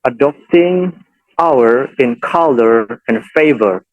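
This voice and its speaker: A man reads a lesson aloud in a plain, mid-pitched voice. He adds small fillers between his points. The sound is dry and close. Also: animated, slow, no room sound, phone-quality sound. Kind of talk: reading a class presentation.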